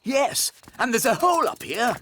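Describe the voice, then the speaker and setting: A man's voice: very high-pitched, very animated, normal speed, a bit bright, full character voice. An actor voicing a bumbling, pompous king who blusters and gives commands.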